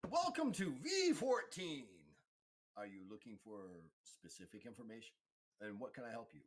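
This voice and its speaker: A man voicing a jovial, sly male station boss with theatrical, drawn-out words. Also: medium pitch, big pitch swings, lightly acted.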